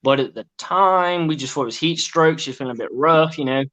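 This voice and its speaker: An English man with a slightly raised pitch tells an anecdote in a loose, chatty way. He drops the odd swear word and slips into quick impressions of people he met. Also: fairly bright tone. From England. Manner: storytelling, swears casually, mimics voices. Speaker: guest. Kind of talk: casual chat.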